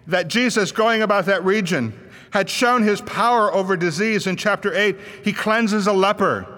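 A man's voice: high-pitched, sharp tone, big-room sound. A man preaching a sermon, retelling a Bible story and acting out the voices of the people in it.

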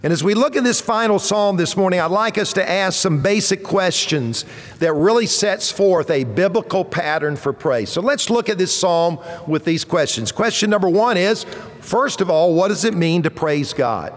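A man in his sixties preaches a sermon in a fairly high voice, his emphasis building as he calls out to the congregation and waits for its reply. His words ring out with the long reverb of a large hall, as from a church sanctuary. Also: animated, moderate pace. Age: 60s. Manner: emphatic preaching that rises toward exclamations, with call-and-response. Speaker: pastor.

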